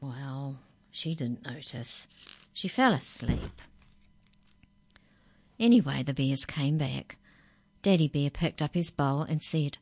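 Woman reading a kids story, slow and patient, lowish voice. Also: expressive, darkish tone, dry recording, studio quality. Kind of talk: reading a children's story aloud.

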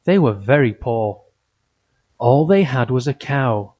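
A man reading a simple fairy tale aloud for children, in an even storytelling way. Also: mid-range voice. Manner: slow, simple, evenly paced storytelling. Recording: dull lo-fi recording.

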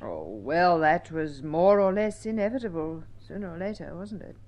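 A sharp-tongued wife at the end of her patience speaks in a vintage radio play. Her slightly low voice carries a cutting, sarcastic edge. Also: animated, moderate pace. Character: sharp-tongued, fed-up wife, young adult. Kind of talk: vintage radio drama acting.

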